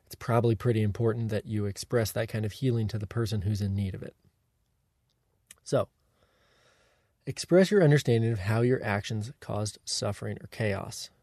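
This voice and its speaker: Man, mid pitch, mellow tone, dry close-miked sound, steady instructive coaching delivery that keeps checking in with the listener. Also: dry recording. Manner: deliberate, coaching, checks in with "okay?" and "right?". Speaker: self-help teacher. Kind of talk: instructive monologue.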